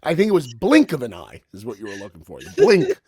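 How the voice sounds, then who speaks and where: A man's voice: mid-range voice, huge pitch swings, fast, crowd noise. A man hosting a podcast, talking casually and earnestly with plenty of restarts. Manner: earnest, then teasing. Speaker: podcast host. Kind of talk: casual chat.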